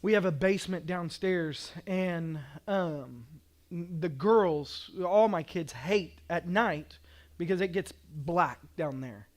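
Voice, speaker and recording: A man's voice: high voice, slow pace. A middle-aged male pastor preaching a sermon with passion, repeating declarations for emphasis.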